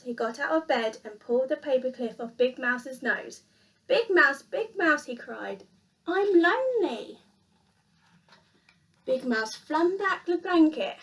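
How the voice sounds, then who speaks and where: A woman reading a children's picture book aloud in an expressive, sing-song storyteller manner. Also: fairly high pitch, distant mic.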